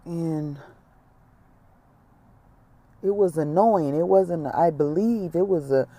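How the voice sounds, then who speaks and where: A middle-aged voice delivering a reflective spiritual talk at an unhurried, deliberate pace. The speaker is earnest and circles back to key words again and again to stress them. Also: medium pitch, warm tone. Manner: slow, earnest, repeats key words for emphasis.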